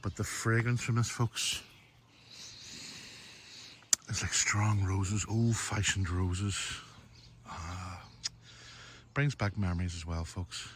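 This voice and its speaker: A man's voice: low-pitched, steady tone, slow, pauses often, fairly bright tone, a little hiss or hum. A man with a Northern Irish accent, chatting casually to viewers as he walks through his garden filming on his phone. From Northern Ireland. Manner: chatty, keeps addressing viewers as folks. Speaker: garden vlogger. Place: outdoors in a garden. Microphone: phone camera held while walking.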